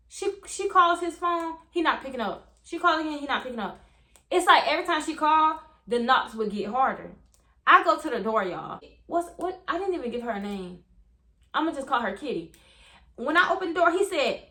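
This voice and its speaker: A young adult woman, a hairstylist, telling a story to her viewers in an animated, profane, chatty way. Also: sits high, normal speed, reverberant. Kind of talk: storytime vlog.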